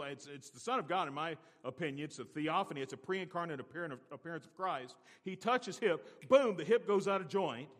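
A man preaching a sermon as pastor, repeating key phrases and swinging from quiet to loud. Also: medium pitch, long reverb tail.

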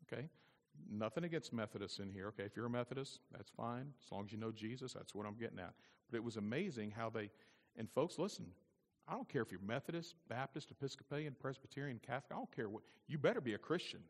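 A man's voice: medium pitch, animated, fast. Preaching man in an echoing church. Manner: preaching with rising, emphatic exhortation and repetition. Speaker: pastor. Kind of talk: sermon. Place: church sanctuary. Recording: long reverb in a church hall.

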